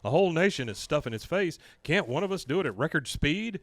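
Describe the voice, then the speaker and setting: A man's voice: on the high side, lively intonation, fast talker, fairly bright tone, no echo, pitched above the performer's own voice. A man putting on the voice of an indignant middle-aged male cartoon character, raised and exasperated.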